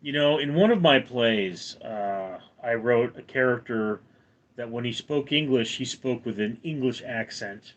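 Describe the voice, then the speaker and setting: A middle-aged man with a General American accent hosting a casual livestream, reading out chat comments and answering them at a measured pace. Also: mid-range voice. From United States. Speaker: livestream host.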